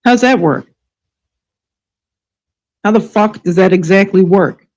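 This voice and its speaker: A woman hosts a live online show and rants in anger, swearing freely and firing off sarcastic rhetorical questions. Her voice is dark and mellow even at its most heated. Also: mid-range voice, takes it slowly, low-quality recording. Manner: angry, profane, sarcastic. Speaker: livestream show host. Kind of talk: ranting live commentary.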